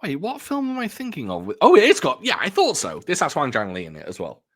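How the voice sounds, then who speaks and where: With a fairly high, bright voice that swoops wildly in pitch, an adult man talks a little fast. He's a film collector vlogger casually chatting at home about films he's bought, rambling and teasing himself as he shows off the haul.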